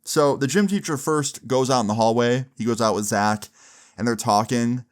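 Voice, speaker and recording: A man's voice: mid-range voice, normal speed. A young man telling a casual story full of crude slang, filling his talk with "like". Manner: crude, casual, many "like" fillers.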